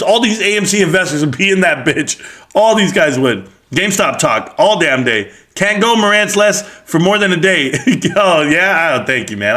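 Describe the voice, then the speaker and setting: A man's voice: fairly high pitch, fairly bright tone. A middle-aged man hosting a live stream, chatting casually with brash, joking, profane banter as he answers his chat. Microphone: streaming microphone.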